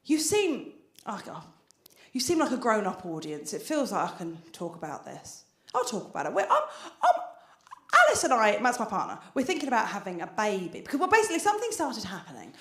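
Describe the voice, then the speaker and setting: A woman's voice: medium pitch, wildly swooping pitch, a little fast, fairly bright tone, reverberant. A British woman performing a stand-up comedy routine on a theatre stage, chatty and conspiratorial with the crowd. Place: theatre stage before an audience.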